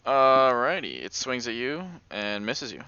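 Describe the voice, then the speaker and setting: A man's voice: mid-range voice, big pitch swings, measured pace, bright, forceful tone, smooth. A young man acting as game master at a tabletop game, chatting casually and laughing often. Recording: dull lo-fi recording.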